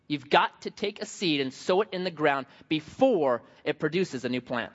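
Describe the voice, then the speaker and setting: A man's voice: a little high, normal speed, few pauses. A man preaching a sermon, telling stories with humor and playful asides. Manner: animated storytelling, joking. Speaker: pastor. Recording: dull sound in a large reverberant hall.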